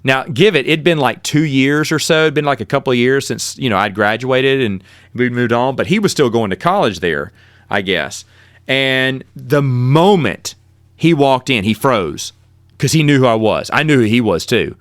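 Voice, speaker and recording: A middle-aged podcast host rambles animatedly through his own college stories in a casual monologue, often correcting himself mid-sentence. His mid-range voice moves at normal speed, and the studio-quality recording has no room sound.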